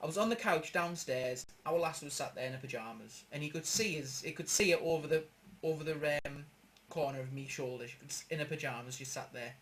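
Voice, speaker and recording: A man's voice: on the high side, fairly quick, crowd noise. A man with a Geordie accent hosting a casual gaming chat, chatty and laughing, with some swearing. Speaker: gaming channel host. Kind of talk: casual banter podcast.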